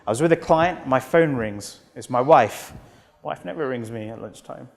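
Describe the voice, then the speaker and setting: A man's voice: mid-range voice, normal speed, creaky. British man speaking in an echoing hall. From United Kingdom. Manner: energetic storytelling with acted quotes. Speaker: motivational speaker. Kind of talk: motivational keynote talk. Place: large auditorium. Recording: long hall reverb.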